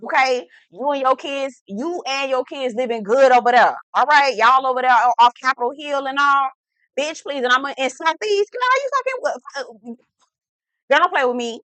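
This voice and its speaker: A woman's voice: high voice, lively intonation, moderate pace, no room sound. Woman putting on a furious cursing sailor man. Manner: cursing, loud street-slang tirade.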